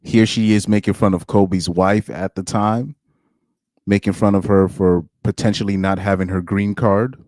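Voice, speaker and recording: A man's voice: fairly low pitch, steady tone, moderate pace, a little mellow, no room sound, studio quality. A young adult man doing casual reaction commentary, reading posts aloud with incredulous asides and trailing restarts. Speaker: commentary streamer.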